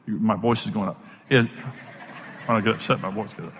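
A man's voice: lowish voice, huge pitch swings, a little fast, fairly bright tone, long reverb tail, slight background noise. A man who is a Bible teacher and program host, giving an emphatic, plain-spoken sermon-style teaching in numbered points.

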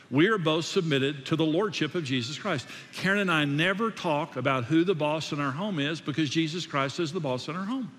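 A man preaching a sermon in a slightly high voice, emphatic and repetitive, often restarting sentences. His words ring out with a long echo in a hall. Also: fairly bright tone. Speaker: pastor.

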